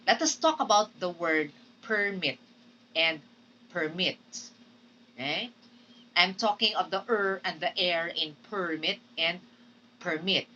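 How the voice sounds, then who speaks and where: A woman teacher giving a recorded phonetics lecture, speaking deliberately and often checking in with her students. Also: lowish voice, lively intonation, pushed and bright, far from the mic, lo-fi sound, slight background noise. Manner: slow, deliberate, checks in with "okay?". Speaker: English teacher.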